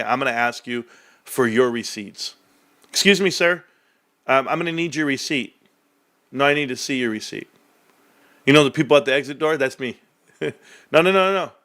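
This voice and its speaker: Brash ranting man, bright voice. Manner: brash trash-talking, swings between hyped and low muttering; laughs often, does mock voices. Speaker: stock streamer. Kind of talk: casual livestream rant.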